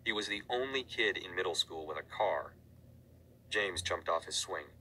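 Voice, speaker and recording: Deep-voiced man reading a story. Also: lively intonation, moderate pace, bright, forceful tone, slight background noise, rough recording. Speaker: narrator. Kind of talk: audiobook reading.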